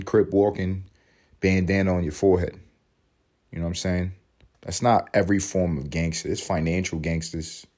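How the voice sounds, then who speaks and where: A man hosting a podcast delivers a casual comedic monologue, a profane, rambling rant broken up by laughing asides. His voice is on the low side with a darkish tone.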